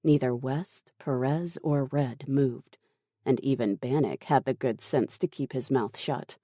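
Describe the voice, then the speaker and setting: An audiobook narrator telling a thriller at an unhurried, deliberate pace with a dark, mellow tone. The reading is measured and dramatic, in a dry, close recording. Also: mid-range voice, no echo.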